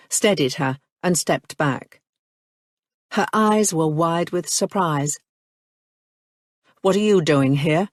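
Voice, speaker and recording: A woman reading a novel aloud in a measured, unhurried way. Her voice sits low, and the recording is dry and close with no room sound. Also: no room sound. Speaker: audiobook narrator. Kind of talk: scripted narration.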